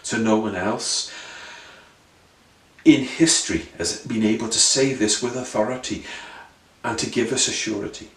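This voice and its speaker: A man's voice: fairly low pitch, moderate pace, long pauses, fairly bright tone. A man preaching an earnest sermon full of rhetorical questions and repeated phrases. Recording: roomy sound, voice from a distance.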